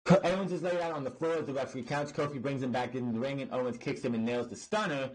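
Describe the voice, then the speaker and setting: A man ranting through a wrestling review with a husky, slightly breathy voice. He sounds exasperated and swears freely, tripping over his words and restarting sentences as he goes. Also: medium pitch, quick pace, poor audio. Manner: exasperated, profane, rambling with restarts. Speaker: podcast host reviewing wrestling.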